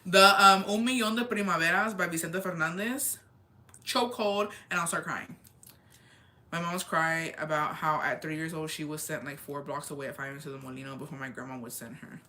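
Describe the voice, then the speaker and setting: Candid young woman chatting, bright and forceful. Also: low-pitched, fairly quick. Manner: candid, swears freely, drops Spanish phrases; emphatic, repeats phrases. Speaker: livestream host. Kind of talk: casual chat answering viewer comments.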